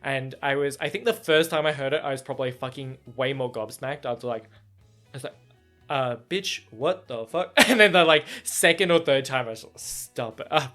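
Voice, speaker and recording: A young man with a somewhat feminine voice, hosting a solo podcast in animated casual chat. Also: a little fast, faint music behind. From Australia. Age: young adult. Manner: animated storytelling, frequent laughs, jumps into high-pitched acted quotes. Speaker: podcast host.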